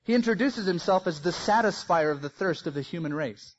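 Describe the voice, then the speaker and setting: A man preaching a sermon, swinging between loud emphasis and soft, quiet phrases. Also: sits high, animated, brisk, lo-fi sound. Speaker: pastor.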